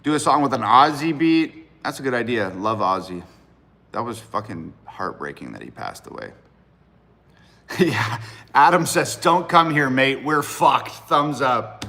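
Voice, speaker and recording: A man's voice: medium pitch, very animated, a little slow, creaky, pushed and bright. A man in his thirties hosting a casual livestream, talking in a blunt, profane and rambling way to his viewers. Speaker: livestream host and rapper.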